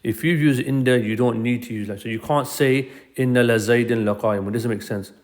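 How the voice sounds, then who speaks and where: A man's voice: mid-range voice, steady tone, a little fast. A man teaching a recorded grammar lesson, explaining patiently and repeating key phrases for emphasis.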